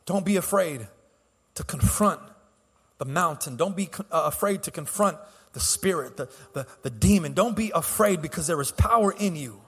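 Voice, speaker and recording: A man preaching a sermon as pastor to his church, impassioned, swinging between soft and loud and repeating words. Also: a little high, expressive, normal speed, slightly rough, long reverb tail. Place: church sanctuary.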